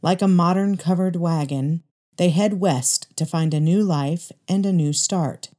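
A woman narrating a dramatic story aloud in a measured, steady way. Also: lowish voice.

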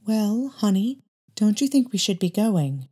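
A woman reading a story voices a gentle, worn-down mother who speaks softly and pleadingly. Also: medium pitch, big pitch swings, a little slow, husky, voice pushed up. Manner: soft and pleading.

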